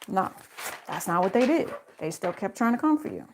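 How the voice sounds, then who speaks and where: Lady doing a tarot reading for viewers, chatty and slangy, mid-pitched voice. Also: sing-song, moderate pace, heavy background noise. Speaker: tarot reader. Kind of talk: casual tarot reading to camera.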